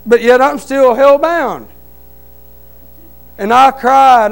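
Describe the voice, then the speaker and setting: A man tells his church testimony in a very high, smooth voice, speaking in plain, folksy phrases that he repeats. He swings from loud, fervent cries to quiet, hushed stretches. Soft instrumental music plays faintly behind him. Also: slow, long pauses, poor audio. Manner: fervent, rising to loud cries then dropping to a quiet hush. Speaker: church member giving testimony. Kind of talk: emotional testimony.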